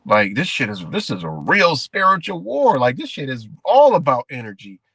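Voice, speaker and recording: A man hosting a livestream, ranting in a rambling, profane, animated way and calling his viewers guys. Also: mid-range voice, normal speed, vocal fry, hardly any pauses, no echo. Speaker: livestream host. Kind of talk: casual livestream rant.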